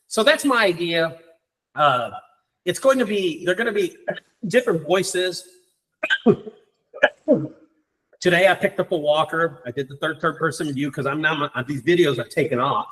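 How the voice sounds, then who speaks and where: A man hosting a group meeting, talking in an excited, rambling way with many fillers. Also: fairly high pitch, normal speed, pauses often. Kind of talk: casual group meeting talk.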